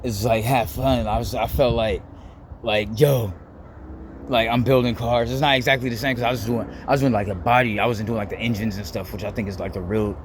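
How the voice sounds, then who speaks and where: A young man, rambling casually to camera, full of "like" and quick to laugh. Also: medium pitch, steady tone, slight background noise. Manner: rambling, heavy use of "like", laughs easily. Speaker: vlogger.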